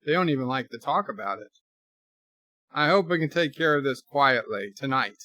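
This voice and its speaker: A man's voice: mid-range voice, lively intonation, moderate pace, pushed and bright, dry recording. A man doing a nervous hotel manager. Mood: worried.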